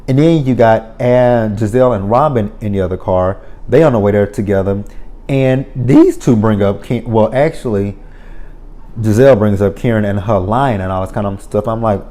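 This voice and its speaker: A man's voice: lowish voice, moderate pace, mellow. A man giving a casual spoken recap of a reality show, blunt and profane, ranting with exasperation.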